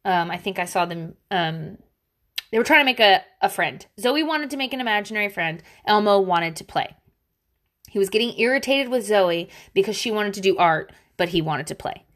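A woman hosting a casual parenting monologue, candid and blunt, swearing freely, with animated asides. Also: mid-range voice, normal speed. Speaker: parenting podcast host.

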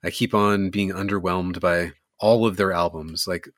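A man's voice: sits low, fairly even intonation, moderate pace, fairly bright tone, no echo, studio quality. A man co-hosting a podcast, chatting casually about albums and laughing often. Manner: laid-back, laughs often, rates albums out of eleven. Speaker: podcast co-host. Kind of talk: casual music chat.

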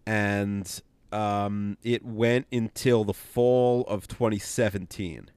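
A man co-hosting a casual podcast, talking in a rambling, halting way with many fillers. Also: fairly low pitch, fairly even intonation, a little mellow, clean tone, no echo. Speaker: podcast co-host.

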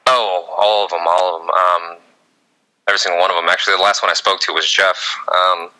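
A man's voice: low voice, flat delivery, a little fast, pushed and bright, poor audio. A man, a guest on a talk show, casually telling joking anecdotes and laughing as he talks. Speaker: guest, former cooking-show contestant. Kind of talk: casual storytelling chat.

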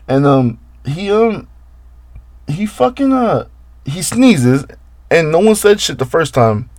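A man's voice: darkish tone, no echo. Profane, exasperated man ranting to camera. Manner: profane, exasperated storytelling with big swings in pitch. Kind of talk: casual rant to camera.

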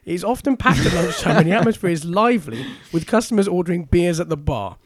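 High-voiced man reading news. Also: expressive, fast, no room sound, studio quality. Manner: reads items out, chuckling asides. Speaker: podcast co-host reading news stories. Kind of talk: casual chat, reading news aloud.

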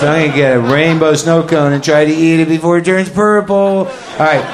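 A man doing a stand-up comedy routine, telling a rambling, self-deprecating confessional story and breaking into loud shouted bits. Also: on the high side, steady tone, normal speed, background noise.

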